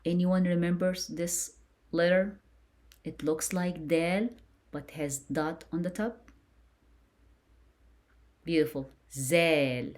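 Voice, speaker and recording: A woman's voice: fairly low pitch, fairly even intonation, takes it slowly, long pauses, a little mellow. A woman teaching a beginner lesson, patiently encouraging and praising each answer as she drills sounds for repetition. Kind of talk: slow beginner lesson with call-and-repeat drills.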